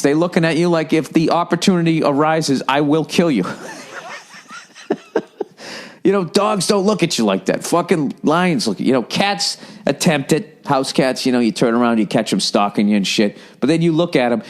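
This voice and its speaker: Profane, animated man ranting. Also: moderate pace. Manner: animated, profane, mimics people in high voices. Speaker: podcast host. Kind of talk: profane storytelling rant.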